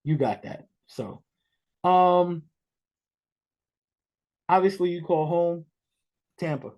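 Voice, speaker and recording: A man from New York hosting a podcast, chatting casually and telling stories in an animated, excitable way. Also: high-pitched, slow. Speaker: podcast host. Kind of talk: casual interview chat.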